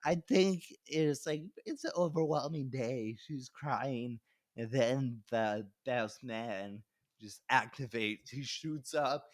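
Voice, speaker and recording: A man's voice: medium pitch, slow. A young adult male comedian telling a story on a podcast, talking loosely, swearing and laughing as he goes. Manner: loose, rambling, swears, laughs mid-sentence. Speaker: comedian guest.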